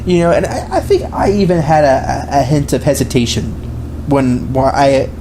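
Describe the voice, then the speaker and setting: Rambling man with a dark, mellow voice. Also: medium pitch, animated, normal speed, a little hiss or hum. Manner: rambling, many restarts and fillers. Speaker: podcast co-host. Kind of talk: casual film discussion.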